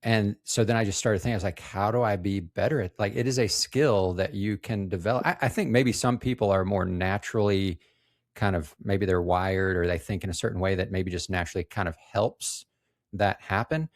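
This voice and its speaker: A man in casual chat about coaching, enthusiastic and quick to agree. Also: deep voice, fairly even intonation, dry recording, clean studio sound.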